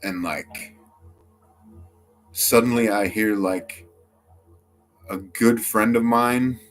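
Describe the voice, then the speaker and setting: A man's voice: lowish voice, faint music behind. A young man telling a casual first-person story, rambling with constant "like" fillers and the odd swear word. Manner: rambling, heavy use of filler "like"; swearing, quick quoted outbursts.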